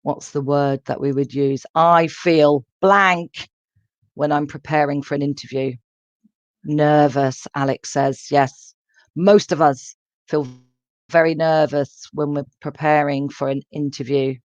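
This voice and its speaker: A woman teaching a live online English class, speaking clearly and repeating phrases and questions for her students to follow. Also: low-pitched, steady tone, a little slow, no room sound. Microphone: computer microphone in a live online lesson. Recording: dull, dry lo-fi stream audio.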